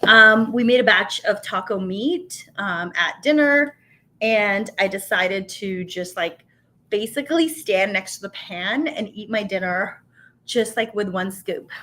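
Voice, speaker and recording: A woman's voice: medium pitch, unhurried. Chatty woman in her thirties hosting live. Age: 30s. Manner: chatty and animated, talks with her hands, many fillers. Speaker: host of a tasting show. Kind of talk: casual live-stream chat, reading viewer comments.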